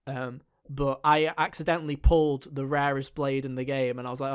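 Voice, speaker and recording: A man's voice: medium pitch, flat delivery, brisk, clean tone. A man chatting casually on a gaming podcast, rambling and swearing with lots of fillers. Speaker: podcast co-host.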